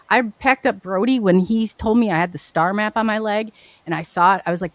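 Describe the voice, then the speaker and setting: A woman guest telling her story in a casual, animated, rambling way, often restarting her sentences. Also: mid-range voice, brisk, no echo. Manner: animated, rambling, frequent restarts and self-corrections.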